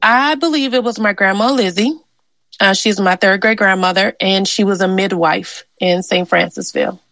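A woman's voice: medium pitch, normal speed, a bit bright, dry recording, soft background music. Earnest woman telling a personal story. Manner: earnest and conversational, with many fillers. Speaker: interview guest, genealogist.

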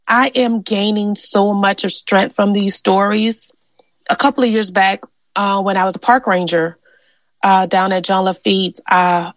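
A woman's voice: mid-range voice, no echo. A woman from Louisiana, a genealogist and interview guest, telling family stories in an earnest, conversational way with lots of fillers. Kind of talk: personal storytelling in an interview.

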